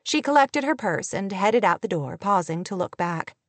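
A woman narrating a novel audiobook in a measured, even storytelling manner, recorded on a close studio mic. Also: mid-range voice, dry recording. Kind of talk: scripted narration.

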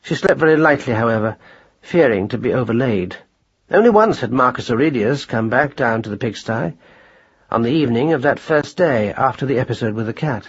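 A man narrating a storybook in a measured, gently wry telling. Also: medium pitch, animated, breathy edge, muffled recording. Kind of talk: audiobook narration.

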